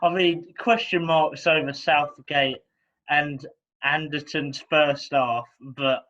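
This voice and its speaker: A young man with an English accent talks on a podcast over a video call, with a bright, forceful voice and somewhat dull sound. He speaks hesitantly, breaking off and laughing between thoughts. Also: a little high, fairly even intonation. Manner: hesitant, halting with fillers and laughs. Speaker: podcast co-host. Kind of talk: casual chat.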